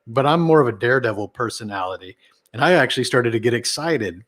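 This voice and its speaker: A man being interviewed as a guest on a podcast, talking casually and animatedly, shifting his pitch and volume for emphasis. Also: lively intonation, quick pace, a bit bright.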